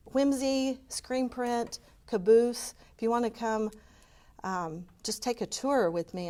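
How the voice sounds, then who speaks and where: Picture a woman addressing a room full of people, speaking with earnest, heartfelt passion about her community work. Her voice sits at an ordinary middle pitch for a woman, and she talks openly and with feeling. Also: a little mellow. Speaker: community presenter.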